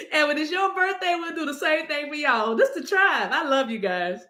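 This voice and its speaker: A woman's voice: sits high, expressive, normal speed, hardly any pauses, bright, forceful tone, roomy sound, faint music behind. A woman reading cards on a livestream, talking casually and playfully to her viewers and breaking into song now and then. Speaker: livestream card reader.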